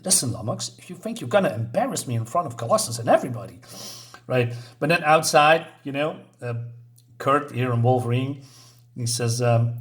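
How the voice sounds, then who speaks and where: A man's voice: mid-range voice, lively intonation, fairly quick, a bit bright. A man casually reviewing a comic book, retelling the story and reading characters' lines aloud in a chatty, playful way. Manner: chatty, reads dialogue in playful voices, giggles.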